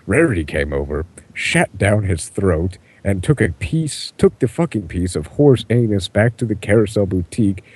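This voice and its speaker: A man reading absurd fan fiction aloud in a mostly deadpan way, often cracking up. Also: deep voice, breathy edge. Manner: deadpan delivery breaking into laughter. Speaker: reader.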